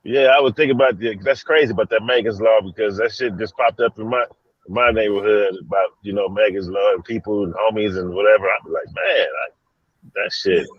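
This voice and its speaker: Casting: lower-voiced man calling in from a car, dry and dull lo-fi phone sound, blunt slangy talk. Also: a little fast, husky, no echo. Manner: blunt, slangy, laid back. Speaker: caller. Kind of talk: casual chat. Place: moving vehicle on a freeway.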